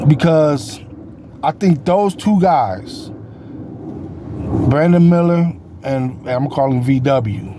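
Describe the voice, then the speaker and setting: Rambling man with a mellow voice. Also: on the high side, a little hiss or hum. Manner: rambling, self-correcting, with many fillers. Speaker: sports talk host. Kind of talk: casual solo sports talk.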